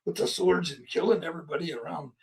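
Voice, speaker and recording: An older man doing a cocky German soldier stumbling through broken English in a mock German accent. The voice is fairly high for a man and sits a little back from the mic. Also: quick pace, darkish tone, distant mic, lightly acted. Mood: brash. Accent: put-on German accent.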